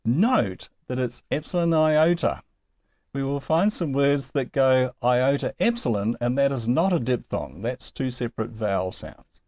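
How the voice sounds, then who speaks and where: A man teaches Greek pronunciation in a slow, unhurried way, and his pitch rises and falls a lot as he explains. He sounds patient and careful and sometimes gives a small chuckle. The sound is dry and close, with no room echo. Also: expressive, darkish tone. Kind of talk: recorded lesson.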